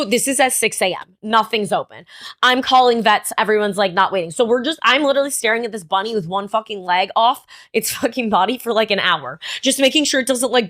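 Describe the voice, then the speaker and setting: A young woman co-hosting a podcast, telling a story in animated casual chat, full of "like" and swearing. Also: medium pitch, no echo, clean studio sound. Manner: animated storyteller, heavy "like" filler, frequent swearing. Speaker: podcast co-host.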